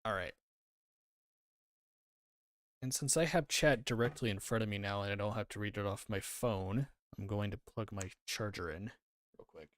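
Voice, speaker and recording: A man's voice: fairly low pitch, normal speed, pauses often, no echo. A man chatting casually on a livestream, rambling and answering his chat aloud. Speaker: streamer. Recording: music playing under voice. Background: background music.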